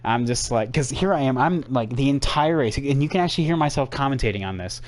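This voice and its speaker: A man's voice: mid-range voice, expressive, quick pace, rough recording. A young man commenting on a racing game replay for his stream, rambling and self-deprecating as he talks to his chat. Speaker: gaming streamer.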